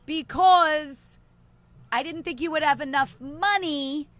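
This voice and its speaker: A woman co-hosting a podcast in loose, profane chat, brash and quick to laugh. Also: high voice, fairly bright tone, dry recording. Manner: brash, swears freely, laughs often. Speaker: podcast co-host.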